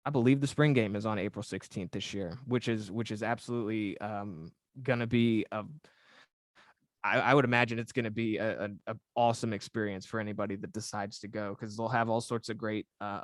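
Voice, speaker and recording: Soft-spoken man from Northern Virginia. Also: on the low side, fairly even intonation, dry recording, studio quality. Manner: measured, with frequent restarts and repeats. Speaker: podcast co-host. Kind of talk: casual podcast chat.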